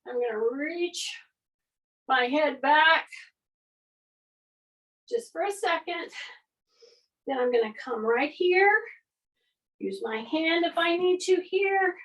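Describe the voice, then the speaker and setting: A woman fitness instructor leading a guided workout class, giving steady coaching cues while exercising along. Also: high-pitched, slow, long pauses, distant mic, rough recording.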